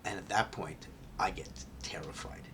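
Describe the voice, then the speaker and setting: A man telling a candid personal vlog story, rambling with many restarts and often dropping to a hushed near-whisper. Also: low voice, moderate pace.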